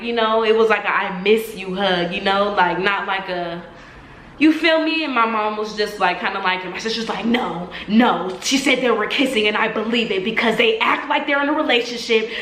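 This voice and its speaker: A woman's voice: mid-range voice, pushed and bright, reverberant, slight background noise, rough recording. A young woman telling a story in a casual vlog. She talks animatedly, acts out the voices of the people in it and says "like" a lot. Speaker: vlogger.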